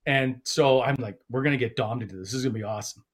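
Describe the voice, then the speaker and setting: A man's voice: mid-range voice, quick pace, husky. A man hosting a casual sports podcast, telling stories and acting out quotes. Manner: storytelling, animated with quoted voices. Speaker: podcast host.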